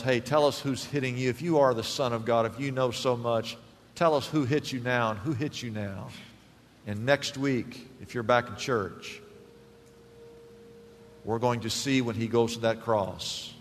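Preaching man in a reverberant church. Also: mid-range voice. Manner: asks the congregation fill-in questions, builds to loud emphatic peaks. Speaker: pastor. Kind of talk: sermon.

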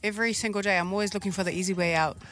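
A woman's voice: mid-range voice, steady tone, a bit bright, faint music behind. Frank, chatty New Zealand woman on radio. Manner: frank, chatty, quick to laugh. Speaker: radio co-host. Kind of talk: casual radio show chat. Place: radio studio.

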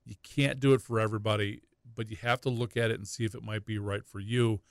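A low, gravelly man talks money on a call-in radio show. He rambles and stumbles through fillers and restarts. The sound is close and dry. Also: steady tone, fast talker, no room sound. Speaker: financial advisor guest.

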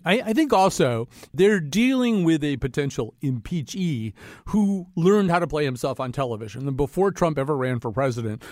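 A man's voice: mid-range voice, darkish tone, no echo, studio quality. A man hosting a podcast in a conversational, reflective chat. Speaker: podcast host. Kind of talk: casual chat.

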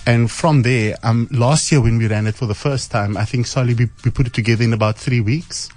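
A man's voice: medium pitch, fairly quick, a little mellow. Earnest man organiser. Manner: earnest, explains plans step by step. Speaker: event organiser. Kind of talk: interview guest talk.

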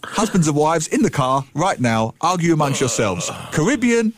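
A man co-hosting a casual radio chat, playful and animated, slipping into mimicked voices. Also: a little high, moderate pace. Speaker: radio co-host, language commentator.

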